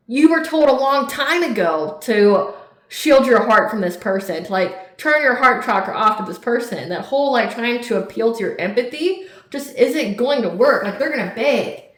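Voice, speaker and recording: A woman with a slightly high, somewhat bright voice and lively intonation gives a casual tarot reading at normal speed. She's blunt and emphatic, swearing plenty and filling her speech with "like," and the recording has a roomy echo.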